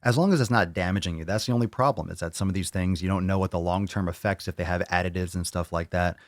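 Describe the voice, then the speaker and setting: A low-voiced man talks fast on a dry, clean studio recording. He hosts a live fitness Q&A for his channel, answering viewer questions bluntly and with strong opinions, swearing freely and going on profane rants.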